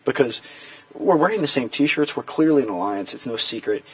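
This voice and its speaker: A man's voice: mid-range voice, expressive, a bit bright, a little hiss or hum. A man acting as a reality show houseguest, rambling through private strategy talk and quoting others as he goes. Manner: rambling, fast, quotes others in reported speech. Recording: distant, dry room mic.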